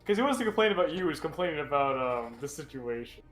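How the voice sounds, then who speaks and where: A man's voice: a little high, very animated, a bit bright, soft background music. A male player chatting after a game, hesitant and full of restarts. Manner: hesitant, apologetic, halting.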